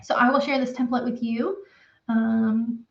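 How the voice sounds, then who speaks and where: A woman's voice: on the high side, steady tone, unhurried, vocal fry. A woman with a Southern accent, an accountant chatting through a spreadsheet walkthrough on a livestream, explaining loosely with lots of fillers. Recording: roomy, slightly dull livestream audio.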